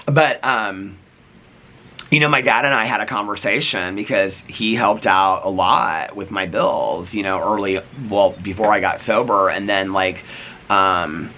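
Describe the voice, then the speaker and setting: A man's voice: on the low side, normal speed, bright, forceful tone. A middle-aged man vlogging, telling a personal story in a chatty way, full of "like" and "you know", acting out quoted exchanges. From United States. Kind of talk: casual storytelling to camera.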